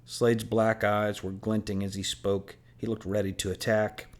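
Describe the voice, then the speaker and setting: A man reading a novel aloud in first person, measured and earnest. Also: lowish voice, flat delivery. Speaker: audiobook narrator.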